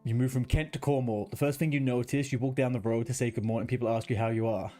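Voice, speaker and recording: Guy streaming from his room, chatty, ranty, swears a lot, mid pitch, bit of music behind. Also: steady tone, quick pace, warm tone. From London, England. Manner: chatty, ranting, swears freely. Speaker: livestreamer. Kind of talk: casual chat with viewers. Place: home room with a blue wall.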